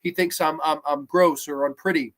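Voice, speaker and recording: A man playing an anxious, insecure woman who frets and questions herself quickly. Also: on the high side, steady tone, a bit bright, natural voice. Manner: fretful, rapid self-questioning. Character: anxious lonely woman, insecure and self-doubting.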